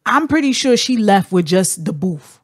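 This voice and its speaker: A woman hosting a podcast in casual chat, telling stories with lively acted-out voices. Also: medium pitch, moderate pace, no room sound, studio quality. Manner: animated storyteller, acts out quoted voices. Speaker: podcast host.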